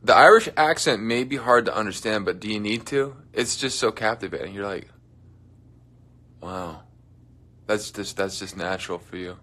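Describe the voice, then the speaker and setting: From his dressing room, a young man runs a casual livestream, playfully bantering with viewers and going through comments, at times mumbling softly. His voice is fairly low and expressive, at a normal speed.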